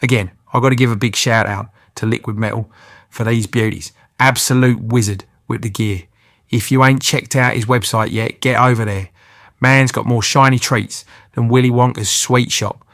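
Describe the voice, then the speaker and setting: A man's voice: mid-range voice, dry recording, studio quality. A man gives cheeky, slang-filled comic voice-over narration as a channel host. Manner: cheeky banter with British slang.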